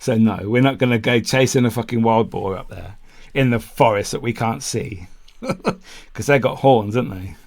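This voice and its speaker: A man's voice: medium pitch, moderate pace, darkish tone. A man co-hosting a podcast, telling a long camping story in casual chat, swearing freely and acting out what people said. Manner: swears freely, acts out quotes, laughs mid-story. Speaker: podcast co-host.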